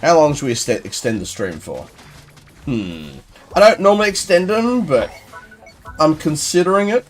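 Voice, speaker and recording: A man's voice: fairly high pitch, big pitch swings, moderate pace, pauses often, faint music behind. A young man chatting casually with his viewers while playing a game live, rambling and playful as he answers chat. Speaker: gaming streamer.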